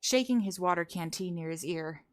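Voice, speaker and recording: A woman streaming a roleplay game, chatting casually and reading a story aloud in a relaxed, conversational way. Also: fairly low pitch, moderate pace.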